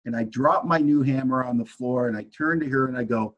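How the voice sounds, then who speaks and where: Recovery speaker, male, husky voice, lively storyteller who plays out both sides of an argument. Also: medium pitch, a little fast, lo-fi sound. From Washington state, US. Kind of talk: storytelling talk at a recovery meeting.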